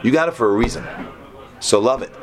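Animated male Torah teacher, live audience. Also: medium pitch, quick pace, crowd noise. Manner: animated, repetitive, storytelling preacher.

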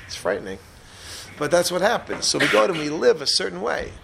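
Joking, chatty rabbi teaching a class. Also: male voice, high voice, animated, a little fast, gravelly, noisy background. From Israel. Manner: joking, chatty, asks the audience questions. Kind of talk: informal Torah class.

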